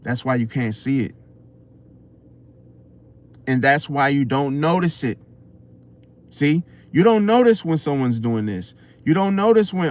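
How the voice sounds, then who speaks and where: A man's voice: mid-range voice, lively intonation, measured pace, pauses often, darkish tone. A man hosting an astrology channel, giving an unscripted motivational talk full of rhetorical questions and repeated "see?". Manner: preachy, rhetorical questions, keeps saying "see?".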